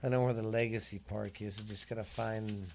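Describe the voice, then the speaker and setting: A man's voice: on the low side, steady tone, a little fast, creaky, a little mellow, a little hiss or hum. A middle-aged man co-hosting a ghost story podcast, joking around in crude, playful casual chat. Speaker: podcast co-host.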